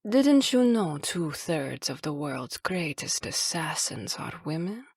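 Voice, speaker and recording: Sniper Wolf, slow and breathy with a Kurdish accent. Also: female voice, sits low, sing-song, a little mellow, no echo, studio quality, heavily acted. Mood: menacing taunt. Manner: slow, breathy, half-whispered taunting. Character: menacing seductive female enemy sniper, cruel. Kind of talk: audiobook character voice.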